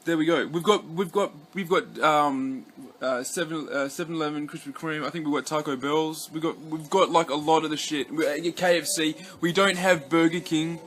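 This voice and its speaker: A man's voice: a little high, normal speed, hardly any pauses, fairly bright tone. A young Australian man from Western Australia vlogging in a loose, rambling way, cursing a lot and restarting his sentences. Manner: rambling, heavy swearing, many restarts and fillers. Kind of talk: casual rambling vlog chat.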